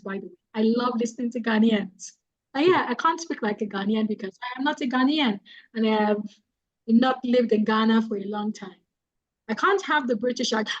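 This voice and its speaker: On an online call, a woman with a voice on the high side gives a guest talk on public speaking for a webinar. She speaks earnestly and repeats key phrases for emphasis, and the sound is lo-fi.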